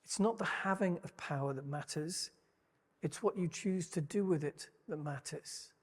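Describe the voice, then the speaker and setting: Man, preacher, fairly high voice, thoughtful sermon delivery, long church reverb. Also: husky. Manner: reflective, measured storytelling with wry asides. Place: church hall.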